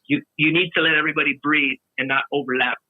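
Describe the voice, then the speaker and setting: A man, a podcast guest, chatting casually in a relaxed way with many restarts. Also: a little high, fast, breathy edge, no room sound. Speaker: podcast guest, musician and video maker. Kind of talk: casual chat. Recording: tinny phone-line sound.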